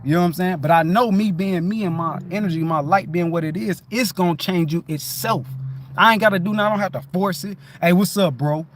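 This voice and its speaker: A middle-aged man with a notably high voice talks in a loose, rambling way on a livestream. He keeps checking in with "you know what I'm saying" and bursts into louder, higher greetings as he acts out the people he meets. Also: fast talker, slight background noise. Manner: acts out his own greetings in a raised voice. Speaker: livestream host. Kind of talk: casual spoken monologue.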